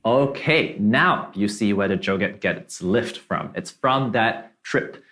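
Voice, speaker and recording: A man's voice: lowish voice, slow pace, fairly bright tone, soft background music. A man from Malaysia teaching a drum tutorial, explaining step by step, counting beats aloud and checking in with "right?" and "okay?".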